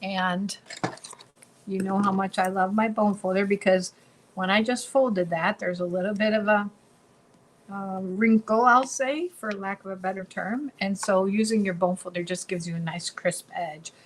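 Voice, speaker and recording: A woman's voice: medium pitch, steady tone, normal speed, a little hiss or hum, low-quality recording. A woman co-hosting a casual craft tutorial, bubbly and chatty, often repeating her words as she works. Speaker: craft demonstrator and co-host.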